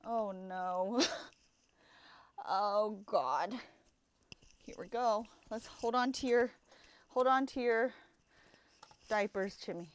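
A young adult woman reacting to an album on first listen, gushing and excitable, full of exclamations and trailing fillers. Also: mid-range voice, a little slow, long pauses, a little hiss or hum. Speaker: music reaction vlogger.

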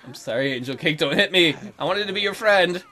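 An excitable young man commentating a life-sim game as he plays it. His high voice swings widely from note to note and has a bright, sharp edge. He jokes and voices the characters' lines between his own remarks. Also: fairly quick. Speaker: let's play gamer. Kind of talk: casual gameplay commentary.

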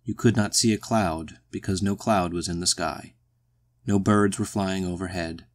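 A man reading a short story aloud in the first person, measured and brooding. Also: sits low, fairly even intonation. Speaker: audiobook narrator.

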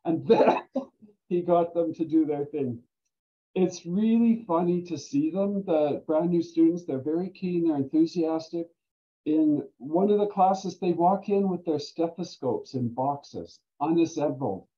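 An older man telling stories in casual talk as a guest speaker, animated and quick to laugh. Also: on the high side. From Canada. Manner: animated storyteller who laughs often. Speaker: guest speaker, volunteer standardized patient. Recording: dull lo-fi recording.

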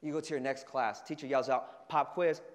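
A man giving an energetic motivational talk to a student leadership conference, telling stories and acting out the voices. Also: medium pitch, moderate pace. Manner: energetic storytelling with acted-out voices. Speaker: keynote speaker. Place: large conference hall. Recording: long hall reverb.

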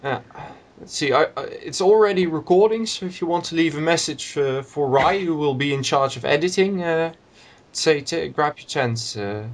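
A man's voice: on the high side, animated, normal speed. Hesitant man moderating a podcast call. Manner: hesitant, many fillers and restarts. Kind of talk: casual group call chat.

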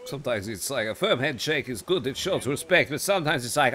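A man roleplaying in character as a European nobleman, talking in an excitable, playful way. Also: medium pitch, fairly quick, hardly any pauses.

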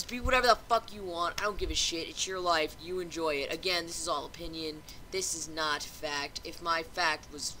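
A young woman ranting casually on her own vlog, swearing constantly and getting louder and higher as she gets worked up. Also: a little hiss or hum. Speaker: vlogger. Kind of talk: casual profane rant.

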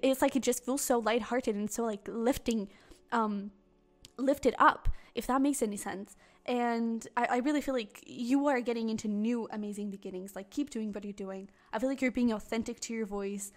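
A young woman giving a casual, rambling tarot reading to camera, bubbly and quick to laugh. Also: on the high side. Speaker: tarot reader.

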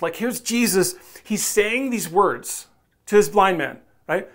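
A pastor preaching a sermon in a relaxed, conversational way, coaxing listeners and acting out the voices they might hear in their heads. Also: mid-range voice, takes it slowly. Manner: conversational, coaxing, asks the audience directly; acts out quoted inner voices.

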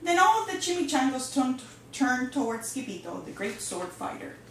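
Teacher read-aloud: expressive woman, slightly high voice, echoey room, mic far off. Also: normal speed, slight background noise. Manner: lively, expressive. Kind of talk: reading a picture book aloud.

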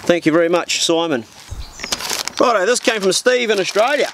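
A man's voice: sits high, moderate pace, very noisy. A New Zealand man with a New Zealand accent, chatting in a slangy, blokey way as he opens parcels on his vlog at an old farmhouse. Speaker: vlogger. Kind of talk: casual mail-opening vlog.

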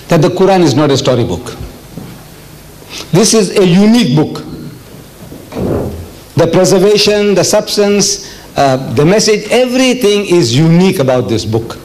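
A man's voice: on the high side, a little mellow, low-quality recording. An older man from South Africa giving a public religious lecture, emphatic and repetitive, with frequent rhetorical questions. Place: lecture hall.

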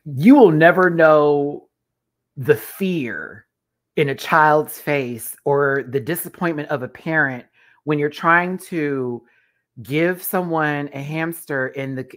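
A woman in her thirties with a low voice hosts a casual live stream. She tells stories in a rowdy, profane, animated way and laughs between lines. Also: slow pace. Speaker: show host reviewing a TV competition.

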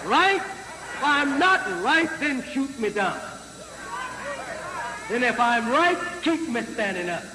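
A man preaching to a live audience in a slow, emphatic way, often asking the crowd whether he is right and pausing on fillers. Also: very high voice, expressive. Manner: slow, emphatic, repeated rhetorical questions to the crowd; halting with frequent fillers and restarts. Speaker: religious leader addressing a crowd. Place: large hall with an audience. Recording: echoey hall, noisy 1950s archive recording.

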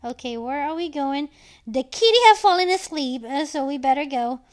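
A woman in her thirties playing a video game with her child, giving animated, exclamation-filled commentary. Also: high voice, normal speed. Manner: animated, frequently exclaiming and calling for help. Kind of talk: excited gameplay commentary.

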